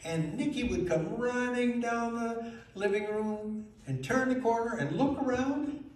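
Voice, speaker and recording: A man telling a children's story in a lively way, asking the listeners questions. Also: very high voice, a little slow. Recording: very echoey room, mic far off, faint noise.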